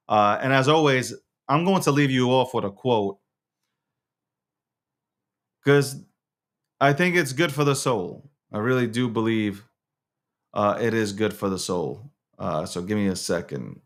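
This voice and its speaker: A man hosting his own casual livestream show, rambling and profane, quick to get worked up. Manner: rants loudly with sharp pitch jumps. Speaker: host.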